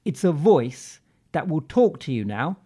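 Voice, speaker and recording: Male podcast co-host, high voice, casual news rundown. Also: sing-song, measured pace, mellow, husky. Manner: briefing, lists news items one after another. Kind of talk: casual podcast chat, running through tech news.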